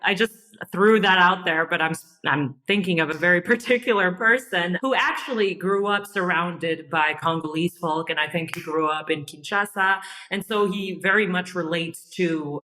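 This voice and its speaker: Podcast guest, woman, low bright voice, thoughtful and laughing. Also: steady tone, moderate pace, few pauses, rough recording. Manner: thoughtful, laughs often, restarts sentences. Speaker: podcast guest, designer and content creator. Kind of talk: casual conversational interview.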